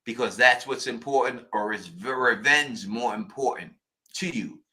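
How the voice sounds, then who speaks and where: A man's voice: mid-range voice, normal speed, sharp tone. A man with a Queens, New York accent, co-hosting a live stream in casual chat, emphatic and often restarting his sentences. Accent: New York City, Queens.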